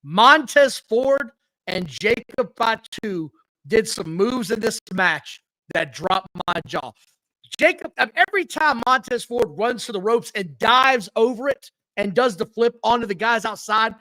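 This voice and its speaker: Recorded with poor audio and no echo, this man's voice is very high and a little slow. He co-hosts a casual wrestling podcast, telling match stories bluntly, profanely, and with lots of energy.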